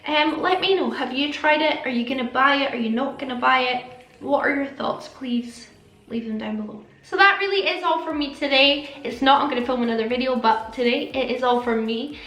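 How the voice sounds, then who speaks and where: A woman's voice: high voice, a little fast, sharp tone, echoey room. A young Scottish woman, a beauty vlogger, chatting casually to camera with a slight lisp. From Scotland.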